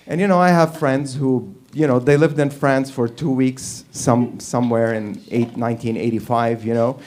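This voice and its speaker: A man doing stand-up, ranting in an animated, profane way and laughing at his own jokes. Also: mid-range voice, moderate pace, few pauses. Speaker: stand-up comic. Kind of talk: stand-up comedy rant.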